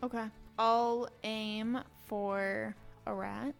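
Gravelly-voiced woman playing a tabletop game. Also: a little high, flat delivery, drawn-out words. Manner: casual, giggly, blunt. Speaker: player. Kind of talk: casual tabletop play. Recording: faint music behind.

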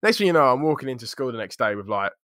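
Lively young man telling stories. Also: racing, no room sound, clean studio sound. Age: young adult. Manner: lively, jokey, slangy storytelling with swings in pitch. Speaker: podcast co-host. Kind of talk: casual storytelling chat.

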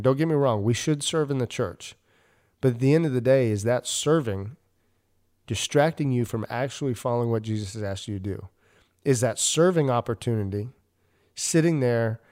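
A man's voice: medium pitch, moderate pace, a little mellow. Earnest man preaching casually. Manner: earnest, conversational, many fillers and restarts. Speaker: ministry leader and podcast host.

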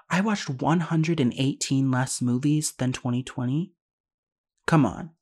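A man hosting a solo podcast, talking very fast in a rambling, self-deprecating way. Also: on the high side, animated, creaky, slightly rough. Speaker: podcast host.

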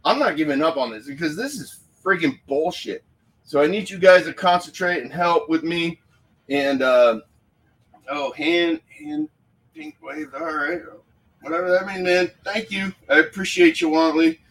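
A man's voice: fairly high pitch, animated, moderate pace, a bit bright, recorded from a distance, rough recording. A man hosting a casual live stream from a room at home, fired up and profane, talking into his phone. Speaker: paranormal livestream host.

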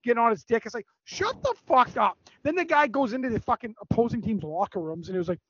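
High-pitched guy griping and cussing, dry muffled sound. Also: expressive, quick pace, a bit bright, husky, dry recording. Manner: profane, mocking storyteller. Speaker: podcast co-host. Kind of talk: casual chat.

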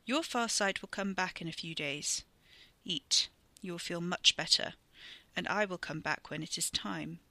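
A storyteller voicing a cold, wily old male wizard who talks in a calm, knowing way. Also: mid-range voice, measured pace, no echo. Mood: coaxing.

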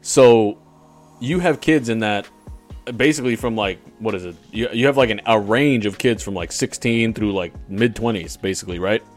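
A man hosting a casual podcast, relaxed and profane, often hedging with "I don't know.". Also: lowish voice, normal speed, soft background music. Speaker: podcast host. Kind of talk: casual chat.

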